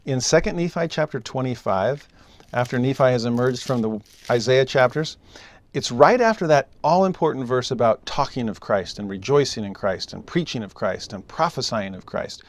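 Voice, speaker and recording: A man giving a scripture lesson, emphatic, moving between soft asides and raised exclamations. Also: mid-range voice, animated, normal speed. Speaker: scripture teacher.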